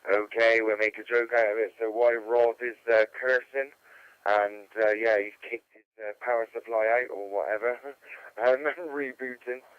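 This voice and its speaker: A man's voice: medium pitch, fairly even intonation, measured pace, clear, resonant tone, no echo. A man hosting an amateur radio net, talking in a chatty, rambling way with lots of fillers. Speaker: net host. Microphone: amateur radio transceiver mic. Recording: tinny radio link.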